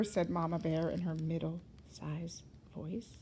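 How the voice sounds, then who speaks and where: A woman teacher reading a children's story aloud in an expressive, sing-song way, sometimes dropping to a whisper. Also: on the low side, moderate pace, hardly any pauses, a little hiss or hum, poor audio.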